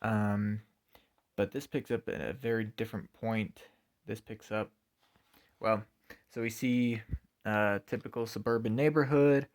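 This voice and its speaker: A man talks through a comic book issue in a casual review. His voice sits a bit low, and he pauses often with ums and uhs. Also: steady tone. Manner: hesitant, many ums and uhs.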